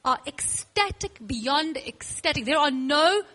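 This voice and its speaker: Speaking at a measured pace in a high voice, a woman teaches worship to her class. Her manner is playful and emphatic with bursts of excitement, and she acts out small scenes alongside her students.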